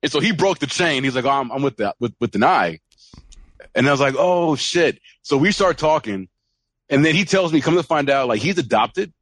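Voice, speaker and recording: A male podcast co-host telling a funny anecdote in a lively, up-and-down voice. He acts out other people's lines as he goes. The sound is close and dry, with no room echo. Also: mid-range voice. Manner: animated storytelling, acts out quoted voices. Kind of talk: casual chat.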